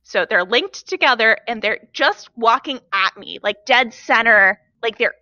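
Woman co-host, bright and forceful tone, slightly high, dry close mic, dull lo-fi sound, wry casual storyteller. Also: expressive, unhurried, dry recording. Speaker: podcast co-host. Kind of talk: casual podcast chat.

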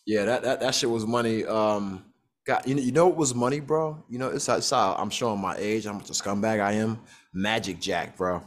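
A man's voice: fairly low pitch, normal speed. A man chatting casually, using loose slang and laughing often. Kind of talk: casual chat.

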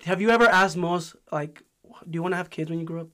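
Male podcast co-host, high voice, loose profane chatter with Spanish words mixed in. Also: fast talker, pushed and bright. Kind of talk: casual chat.

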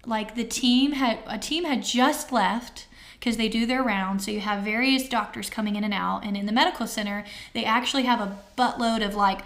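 A woman's voice: fairly high pitch, fairly even intonation, moderate pace, a bit bright. A woman in her thirties telling a personal story as an interview guest, candid and heartfelt, with many fillers. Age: 30s.

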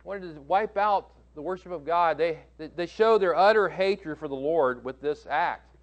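A man's voice: fairly high pitch, normal speed, dull audio. A man preaching a sermon as pastor, emphatic, repeating key phrases and posing questions to his listeners, often correcting himself mid-sentence. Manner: frequent restarts and self-corrections.

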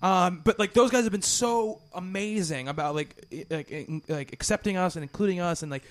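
A man's voice: high-pitched, a little fast. A man hosting a podcast in casual chat, rambling with many restarts and fillers. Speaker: podcast host.

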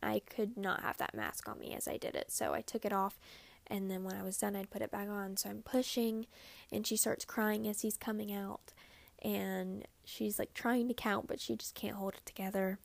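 Chatty young woman with a gravelly voice. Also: medium pitch, little pitch movement, normal speed, no room sound. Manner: chatty, lots of "like", acts out quoted lines. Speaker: new mother telling her birth story. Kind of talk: casual storytelling vlog.

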